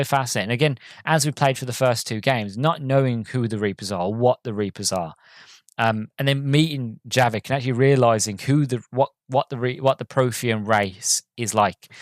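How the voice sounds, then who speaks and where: A man's voice: mid-range voice, dry recording, studio quality. A man hosting a podcast, reviewing a game in a casual, rambling way full of ums and restarts, an enthusiastic fan. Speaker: podcast host.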